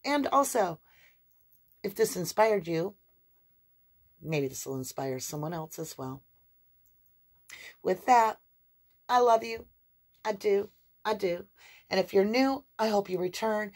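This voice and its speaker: A woman doing an animated, affectionate tarot reading for her viewers, with sing-song emphasis and a chatty, conversational flow. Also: mid-range voice, slow pace, pauses often. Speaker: tarot reader. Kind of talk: spiritual tarot reading to camera.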